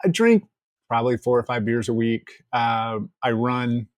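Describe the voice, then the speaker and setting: A man, a podcast guest, telling a story in casual conversation, candid and joking, quoting people in lively asides and swearing freely. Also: mid-range voice, normal speed, no echo, clean studio sound.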